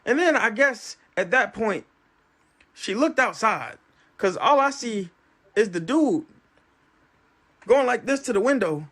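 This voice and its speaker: Man, casual storyteller, swooping animated pitch, acts out every quote. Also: slow pace, long pauses.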